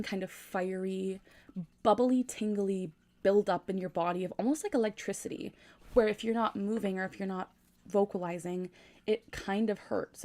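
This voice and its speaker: A woman in her twenties, medium-pitched with a darkish tone, chats casually on a livestream from her room at night. She keeps her voice down while reading comments into a gaming USB microphone.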